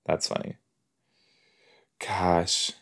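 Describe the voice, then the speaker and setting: A man hosting a podcast watches a TV episode alone and reacts casually, chatting, laughing at his own jokes, and tossing out rhetorical asides. His voice sits low and creaky, though its tone is fairly bright.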